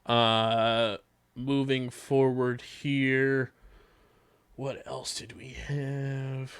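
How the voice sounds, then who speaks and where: A man's voice: medium pitch, flat delivery, extremely slow, fairly bright tone, clear, resonant tone, no echo. A man hosting a casual podcast, running through news and a sponsor read with plenty of fillers. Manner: conversational, filler-heavy. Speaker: podcast host.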